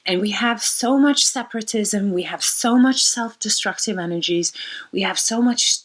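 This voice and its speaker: A woman's voice: mid-range voice, normal speed, fairly bright tone, rough recording. A woman astrologer retelling a myth and reflecting on it in a rambling, personal way, sometimes dropping to a near whisper. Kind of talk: storytelling talk on myth and astrology.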